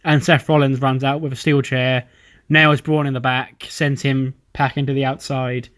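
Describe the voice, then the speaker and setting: A man's voice: mid-range voice, level tone, normal speed, a bit bright. A man casually narrating the events of a wrestling management game as he plays. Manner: laid-back narration of booking a wrestling show. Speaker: let's play commentator.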